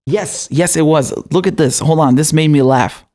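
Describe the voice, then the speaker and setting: A man's voice: a little high, moderate pace, warm tone. Indignant, profane man. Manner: indignant, profane, laughs often. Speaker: political commentator host. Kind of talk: heated political commentary.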